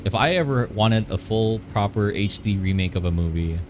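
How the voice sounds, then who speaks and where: Low-voiced man chatting on a live stream. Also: expressive, normal speed, background noise. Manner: playful, rambling, chats with viewers. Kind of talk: casual live-stream chat while drawing.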